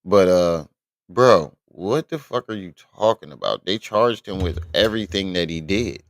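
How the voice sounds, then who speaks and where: Blunt exasperated guy hosting a live stream, super low voice, dry sound. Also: expressive, moderate pace, no room sound. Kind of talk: live reaction commentary.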